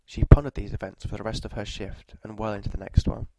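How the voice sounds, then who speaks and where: Male narrator, dark and mellow tone, flat and measured, for a scripted story read. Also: lowish voice, no echo, poor audio.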